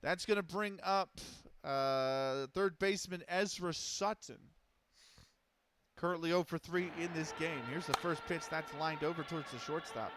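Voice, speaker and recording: Man calling a game with steady fillers. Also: fairly high pitch, a little hiss or hum. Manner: steady, measured calls with frequent fillers and self-corrections. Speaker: streamer calling a simulated baseball game. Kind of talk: casual play-by-play commentary.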